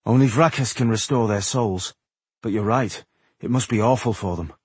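A man's voice: lowish voice, normal speed, breathy edge, dry recording. A man voicing an earnest, plain-spoken young male dwarf blacksmith in a storybook reading.

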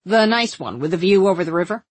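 A man's voice: high-pitched, sing-song, quick pace, dry recording. A woman voicing a matter-of-fact man who explains things to visitors in a dry, plain delivery.

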